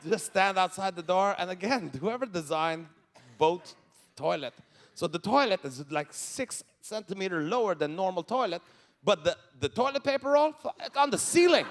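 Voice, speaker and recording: A man doing live stand-up storytelling, animated and profane, laughing through his lines. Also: high voice, moderate pace, vocal fry. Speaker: stand-up comedian. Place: live comedy stage. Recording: reverberant venue, faint crowd noise.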